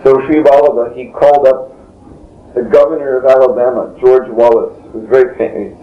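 Speaking a little fast in a mid-range voice with fairly even intonation, this interviewee wanders through a long anecdote, pausing now and then for a chuckle. It's casual storytelling captured on dull, lo-fi tape in a roomy space with a faint hiss.

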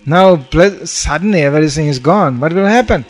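A man's voice: fairly high pitch, animated, moderate pace. Storytelling man preaching a sermon. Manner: storytelling with acted-out quotes, frequent "you know". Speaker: monk preacher.

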